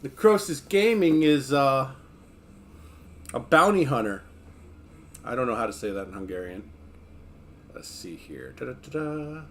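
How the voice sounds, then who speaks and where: A man's voice: mid-range voice, normal speed, long pauses, a bit bright, a little hiss or hum. A man streaming casually, joking with his viewers and reading a book aloud between chats. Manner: laid-back, joking, talks to chat between passages.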